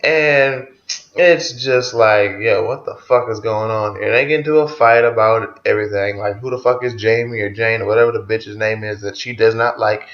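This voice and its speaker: A man's voice: fairly low pitch, normal speed, a bit bright, roomy sound, lo-fi sound. A man giving a casual spoken album review, loose and profane as he retells songs track by track.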